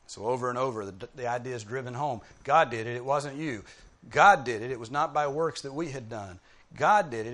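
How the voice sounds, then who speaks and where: A man's voice: mid-range voice, a bit bright. A man preaching an expository sermon, driving points home with emphatic repetition. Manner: emphatic, repeating key phrases with rising force. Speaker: pastor.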